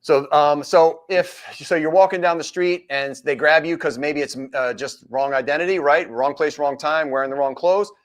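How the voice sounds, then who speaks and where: A man hosting a live-stream chat, a former police officer who lively acts out street encounters in different voices. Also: on the high side, moderate pace, few pauses.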